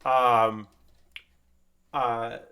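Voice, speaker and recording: Speaking extremely slowly in a smooth, middle-pitched voice, a man builds a model kit on stream and wanders through an animated, rambling retelling of an anime episode. He keeps an easygoing stream-host tone throughout this casual chat while building.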